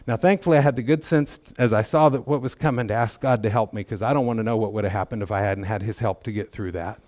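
Speaking fast in a low, darkish voice with no echo, a middle-aged man gives a sermon testimony at church. He keeps it folksy and conversational, poking fun at himself.

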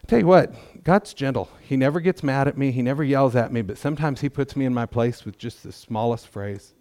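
A man's voice: mid-range voice, brisk, a little mellow, no echo. A middle-aged man giving a testimony in church, talking in a folksy, conversational way with self-deprecating humor. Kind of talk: sermon testimony.

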